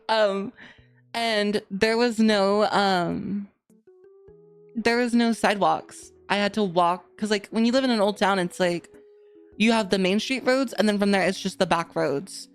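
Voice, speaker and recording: A woman's voice: mid-range voice, measured pace, clean tone, faint music behind. Young woman rambling through a story. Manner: rambling, many "like" fillers. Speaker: podcast co-host. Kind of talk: casual storytelling chat.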